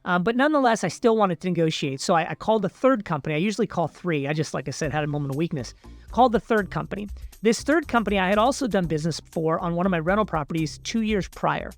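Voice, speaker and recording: A man's voice: high-pitched, quick pace, soft background music. A man hosting a video, casually telling a personal story with fillers and asides to the viewers. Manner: chatty, animated retelling with fillers, addresses viewers as people. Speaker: video host.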